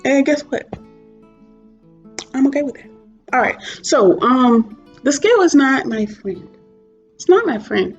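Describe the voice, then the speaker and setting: A woman's voice: high voice, very animated, moderate pace, pauses often. A woman in her twenties or thirties talking candidly to camera in a casual vlog, chatty and prone to asides. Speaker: vlogger. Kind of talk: casual talking-head reflection. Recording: dull lo-fi sound with soft guitar music behind.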